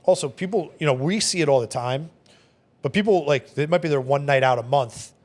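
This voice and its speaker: Fast-talking man telling bar stories. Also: fairly high pitch. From Long Island, New York. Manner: rapid, animated storyteller, many fillers. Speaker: bar manager. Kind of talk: casual storytelling interview. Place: podcast studio.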